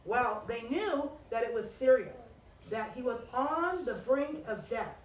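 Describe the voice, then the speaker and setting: Storyteller: high, lively woman teaching kids, distant and echoey. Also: a little slow. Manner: animated, expressive, asks the children questions. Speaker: children's Bible teacher. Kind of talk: storytelling to children.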